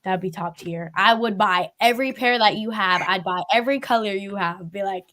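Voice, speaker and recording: A woman's voice: medium pitch, fairly quick, hardly any pauses, fairly bright tone, slight background noise. A woman hosting a casual interview, chatty and rambling with lots of fillers and laughter.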